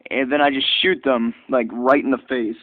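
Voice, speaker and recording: A man reviewing an old video game in a chatty, excitable, rambling way. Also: medium pitch, normal speed, heavy background noise. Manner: chatty and excitable, lots of fillers and restarts. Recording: tinny phone-like dry recording.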